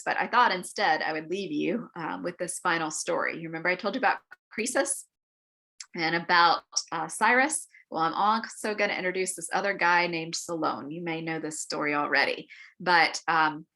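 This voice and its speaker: A woman leads a church Bible class in a bright, clear voice that sits a little low for her. She talks through the lesson in a chatty, storytelling way, with plenty of ums and short acted-out quotes. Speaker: Bible study leader. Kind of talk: adult-forum Bible lesson. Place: church meeting room.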